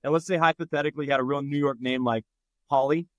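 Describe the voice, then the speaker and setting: A man's voice: fairly high pitch, fast talker, no room sound, lo-fi sound. A man from Nebraska, a firefighter guest, telling a story in casual chat and acting out the people in it. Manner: animated, acts out quoted voices.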